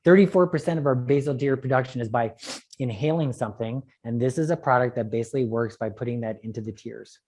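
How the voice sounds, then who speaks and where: A man lecturing on eye treatments at a conference, animated and joking, with quick asides. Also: mid-range voice. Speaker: optometrist lecturer.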